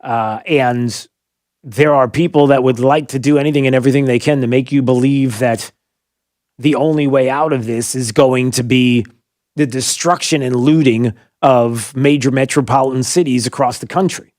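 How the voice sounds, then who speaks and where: A man's voice: medium pitch, fairly even intonation, normal speed, a little mellow, dry recording, clean studio sound. A man hosting a political call-in radio show, talking in an agitated, indignant way with many rhetorical questions and fillers. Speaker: radio talk show host.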